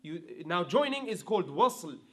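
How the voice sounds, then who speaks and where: Man, high-pitched voice, online class, explains rules, chants verses, checks in with students. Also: sing-song, normal speed. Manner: checks in with students, asking if it is clear. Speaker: Quran recitation teacher.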